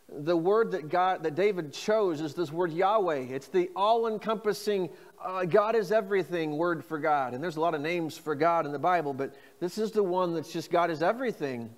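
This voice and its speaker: A man preaching a sermon as pastor, reading scripture phrases slowly and inviting the congregation to repeat them. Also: fairly high pitch, in a large hall. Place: church.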